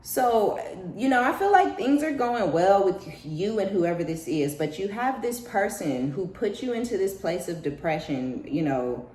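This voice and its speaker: A woman giving a casual spiritual reading, profane and animated, slipping into high mocking voices with laughter. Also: moderate pace, echoey room. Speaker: tarot reader.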